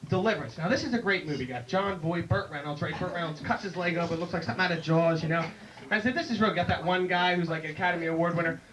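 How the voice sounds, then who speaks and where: Rambling high-voiced man doing stand-up. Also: distant mic. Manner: rambling, jumps into high excited voices for punchlines. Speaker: stand-up comedian and emcee. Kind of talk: stand-up comedy. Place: comedy club stage.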